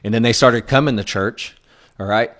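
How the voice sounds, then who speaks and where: A man preaching in an earnest, plainspoken way, his voice sitting at an ordinary middle pitch. He talks to the congregation like a conversation, pausing to check in with them as he teaches. His sermon style is relaxed and direct rather than showy. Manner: frequent checking-in asides to the congregation. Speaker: pastor.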